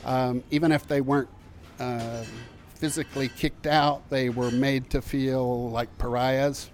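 An older man talks slowly through his memories in a reflective interview, pausing often and restarting his sentences. His voice sits at an ordinary middle pitch. Faint background noise hums behind him in an outdoor courtyard. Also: flat delivery, a little mellow. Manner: thoughtful, halting, with many fillers and restarts. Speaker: interviewee recalling community work.

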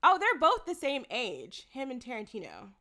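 A woman co-hosting a relaxed film review podcast, laughing often and swearing freely. Her pitch swoops widely and her tone is bright and ringing. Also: moderate pace. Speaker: podcast co-host. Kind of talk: casual movie review chat.

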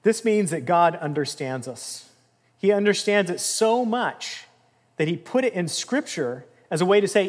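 A man preaching a sermon in an earnest, emphatic way, rising in intensity and dropping softly. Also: sits high, lively intonation, measured pace. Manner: earnest, emphatic, with swells of intensity and soft drops. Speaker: pastor. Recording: long reverb of a large room.

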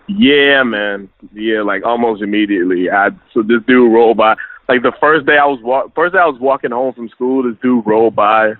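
A man's voice: mid-range voice, normal speed, dry recording. Man with a New York accent on a tinny line. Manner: profane, laid-back storytelling with slang. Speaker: guest. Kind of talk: casual interview.

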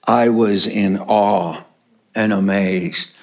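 A man's voice: fairly low pitch, steady tone, vocal fry, a little mellow. An older man, a pastor preaching a sermon, telling jokes and chuckling as he goes. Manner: slow, jokey storytelling with chuckles.

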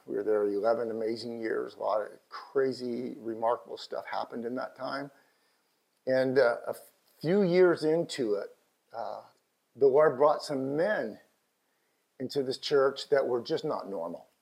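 Impassioned middle-aged Texan pastor. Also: male voice, mid-range voice, creaky, husky, low-quality recording. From Texas. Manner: impassioned, rising to shouts on key lines. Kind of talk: sermon.

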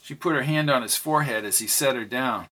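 Reading quickly with a bright, forceful tone, this male audiobook narrator voices a novel. His pitch lifts whenever he delivers a character's dialogue.

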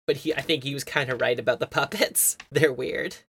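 A woman's voice: very deep voice, fairly quick, fairly bright tone, breathy edge. A woman co-hosting a casual podcast, with laid-back, wry replies and short agreements. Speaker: podcast co-host. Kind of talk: casual chat.

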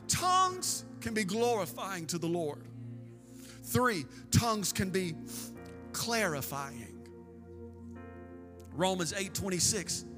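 A man preaching a sermon as pastor, swinging between emphatic bursts and slow, drawn-out phrases. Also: extremely high pitch, pushed and bright. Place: church sanctuary with a band. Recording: long hall reverb with faint band music.

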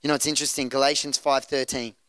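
A male pastor preaching a sermon in church, animated and acting out scenes. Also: mid-range voice, fast talker, smooth, no echo. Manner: animated, acts out scenes in voices.

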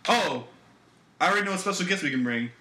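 A young man with a bright, fairly high voice banters and teases, swearing freely. His pitch swings a lot as he talks, and the room gives an echoey sound with faint noise. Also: expressive, fast. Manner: profane, teasing banter. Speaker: podcast co-host. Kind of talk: casual chat.

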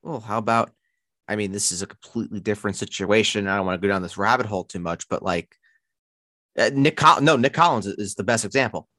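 A man with a Long Island accent hosting a casual sports chat, playful and animated. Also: fast talker, dry recording, clean studio sound. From Long Island, New York. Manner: animated, playful, jumps between high and low pitch. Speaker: podcast host.

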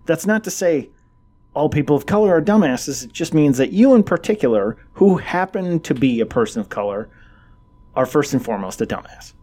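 A man's voice: on the high side, lively intonation, moderate pace, mellow. Blunt, mocking man in casual chat.

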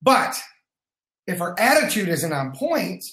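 Energetic motivational man in an echoey room. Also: high-pitched, measured pace. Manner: energetic, emphatic, repeats points, casual swearing, greets viewers by name. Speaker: sales team leader. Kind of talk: motivational livestream talk.

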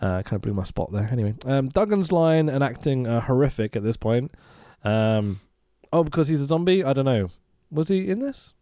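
Man, casual podcast chat, sarcastic, sweary, animated pitch, dry close sound. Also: normal speed, hardly any pauses, dry recording. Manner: sweary, sarcastic, mock-quoting characters. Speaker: podcast co-host reviewing a film.

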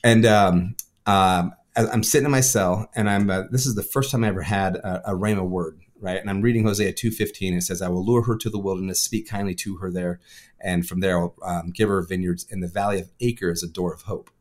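A man, a father, telling his personal testimony in conversation, talking quickly and often checking in with "right?". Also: sits low, steady tone. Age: adult with a son. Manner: fast storytelling, frequent "right?" tags. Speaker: guest.

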